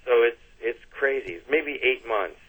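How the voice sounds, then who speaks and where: A man's voice: medium pitch, expressive, measured pace, fairly bright tone, husky, rough recording. A middle-aged man with a Canadian accent, chatting as an interview guest and telling stories with lots of restarts and fillers. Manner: chatty storyteller, restarts and fillers, laughs easily. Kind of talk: casual interview chat.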